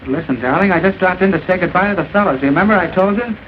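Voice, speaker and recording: A cocky newspaper reporter, played by a man with a fairly high voice and a quick, brash way of cracking wise. The sound is muffled and hissy, like an old film print. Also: close to an everyday voice. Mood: coaxing. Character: wisecracking male newspaper reporter.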